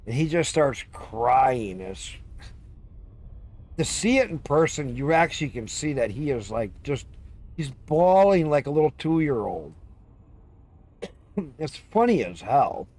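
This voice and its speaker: A man with a mid-range, slightly mellow voice talks in a sing-song way, slowly and with long pauses. Streaming live, he rambles casually about his pets, swears freely, and drops into meows and dog impressions.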